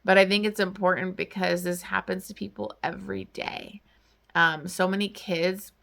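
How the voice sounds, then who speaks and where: A woman's voice: fairly low pitch, vocal fry, a bit bright. A young woman talking casually about a book she just read, in a chatty way full of "like" and "um". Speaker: book vlogger. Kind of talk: casual book review chat.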